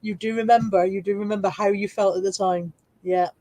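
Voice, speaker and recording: Woman, 40s, from England; livestream host, casual and laughing, mid pitch, dry close recording. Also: fairly even intonation, fairly quick, mellow, no echo. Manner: chatty, self-mocking, laughs often. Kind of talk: casual live chat reading comments.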